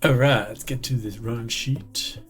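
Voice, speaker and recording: A man's voice: mid-range voice, fairly even intonation, measured pace, loud music behind the voice. A man with an Australian accent, the game master, chatting and teasing his friends in a casual podcast outro. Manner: playful, teasing, laughs often. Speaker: dungeon master and podcast host.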